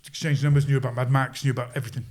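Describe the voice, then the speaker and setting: A man guest on a podcast, telling stories in an animated, casual way and acting out quoted voices. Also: mid-range voice, racing. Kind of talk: casual storytelling.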